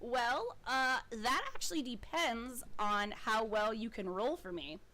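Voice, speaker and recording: A woman's voice: on the high side, measured pace, bright, forceful tone. A woman narrating as game master of a tabletop game in a rambling, giggly way, full of fillers.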